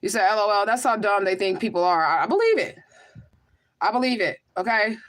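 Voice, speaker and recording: A woman's voice: mid-range voice, lively intonation, fairly quick. A woman hosting a casual livestream, reading viewer comments aloud and answering them in an emphatic, rhetorical way, often asking "okay?". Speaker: livestream host and spiritual medium.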